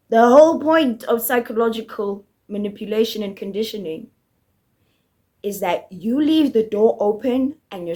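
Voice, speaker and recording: A woman's voice: fairly high pitch, a little mellow. Heated, profane woman ranting about a show. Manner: heated, profane, rhetorical questions. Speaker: TV show commentator. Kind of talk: casual ranting review.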